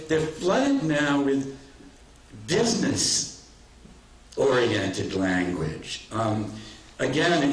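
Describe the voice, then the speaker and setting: An older man giving a public talk, telling anecdotes with warmth and self-deprecating humor. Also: mid-range voice. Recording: roomy hall, mic at a distance.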